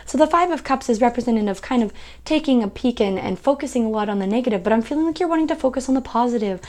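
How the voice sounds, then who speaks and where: A woman's voice: fairly high pitch, lively intonation, rapid-fire, a little mellow. A young woman giving a casual tarot reading, chatty and reassuring, with lots of fillers and playful quoted voices. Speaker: tarot reader.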